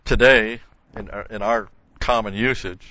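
Older man, Bible study teacher, bright forceful voice, lowish pitch, folksy and digressive, muffled lo-fi recording. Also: steady tone, measured pace, no room sound. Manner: folksy, digressive storytelling with chuckles.

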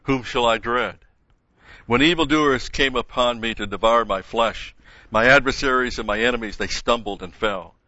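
A man preaching a sermon, reading a psalm aloud with strong emphasis and slowing down on key phrases. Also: bright, forceful tone, no room sound. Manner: emphatic, rises in pitch and volume when reading scripture. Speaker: pastor. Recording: dull lo-fi sound.

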